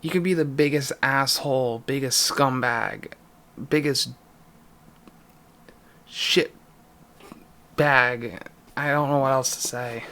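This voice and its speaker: A man's voice: medium pitch, steady tone, bright, forceful tone. Distressed young man confiding on camera. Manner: halting, pausing, voice dropping. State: distressed, near tears. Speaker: YouTuber. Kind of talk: emotional vlog confession.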